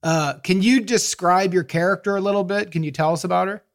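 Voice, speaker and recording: A man's voice: high voice, steady tone, gravelly. A man from Chicago co-hosting a comedy advice podcast, chatting casually and laughing often. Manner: laughs often, quick acknowledgments. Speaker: podcast co-host.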